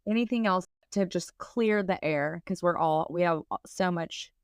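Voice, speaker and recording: Female co-host, lower voice, dry close mic, chatty and loose. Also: unhurried, smooth, dry recording. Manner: chatty, searches for words, laughs often. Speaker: podcast co-host. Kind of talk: casual chat.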